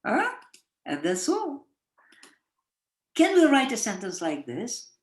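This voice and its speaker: Woman teaching online, unhurried and sing-song, quizzing students, roomy echo. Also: a little high. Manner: animated, quizzing students with questions. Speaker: English writing teacher. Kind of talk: webinar lecture with students. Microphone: video call.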